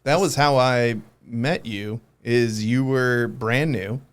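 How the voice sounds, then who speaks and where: Man, podcast host, casual storytelling, profane, laughs a lot, mid pitch. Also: slow, smooth. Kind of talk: casual chat.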